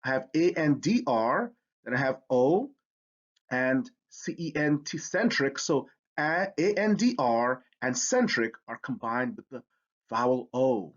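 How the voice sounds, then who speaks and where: A man's voice: mid-range voice, lively intonation, measured pace, dull audio. A man teaching a spelling lesson, explaining with enthusiasm. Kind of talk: educational lesson.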